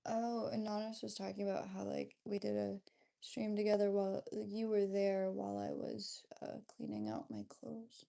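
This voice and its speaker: A young woman livestreaming, chatting casually and reading out viewer comments in an unhurried, drifting way. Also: medium pitch, gravelly, dark tone.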